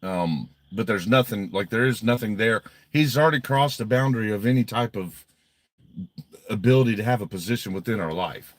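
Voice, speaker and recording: A man's voice: lowish voice, expressive, brisk, no echo. Blunt, cussing man on a livestream. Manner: blunt, heavily profane, agitated. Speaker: livestream host reading viewer donations. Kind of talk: casual livestream chat.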